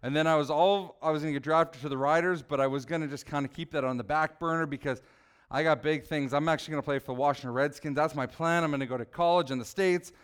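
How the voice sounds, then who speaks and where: Chatty preacher man with a high, smooth voice. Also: fairly even intonation, fast talker. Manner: conversational, asks the audience questions, acts out people. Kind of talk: casual sermon.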